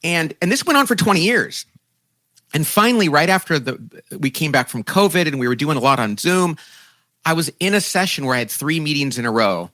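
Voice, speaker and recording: Animated man telling a story. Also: a little high, brisk, dry recording. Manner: animated, self-deprecating, acts out quoted voices. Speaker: guest author. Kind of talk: conversational storytelling.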